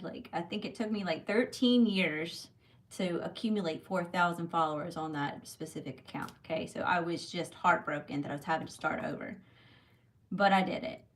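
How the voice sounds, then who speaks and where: Chatty tarot reader with a drawl. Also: female voice, lowish voice. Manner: chatty, warm direct address with many "okay?" and "y'all". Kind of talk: live tarot reading and personal story.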